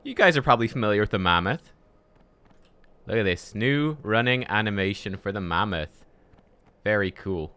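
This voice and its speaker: A man's voice: on the low side, pushed and bright, a little hiss or hum. A man giving chatty, upbeat gameplay commentary as host of a gaming video, laughing often.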